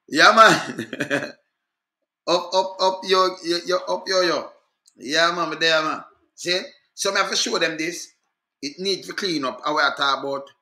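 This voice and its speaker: A man's voice: fairly high pitch, pushed and bright, echoey room. A Jamaican man vlogging on the spot, talking insistently and repeatedly checking that the viewer follows him. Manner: insistent, repetitive, calls out to viewer. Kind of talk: casual on-the-spot commentary.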